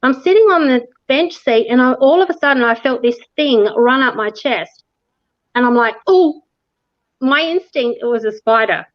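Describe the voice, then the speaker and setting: Woman guest, high voice, lively storyteller who laughs and acts out the dialogue, close dry sound. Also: moderate pace, no echo, lo-fi sound. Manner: animated, laughs often, acts out quoted dialogue. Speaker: interview guest recounting a ghost tour. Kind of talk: casual storytelling.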